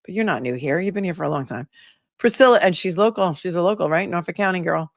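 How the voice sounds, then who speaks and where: A woman's voice: fairly low pitch, quick pace, no room sound, studio quality. A middle-aged woman hosting a livestream, reading viewer comments aloud and chatting back to them. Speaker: livestream host.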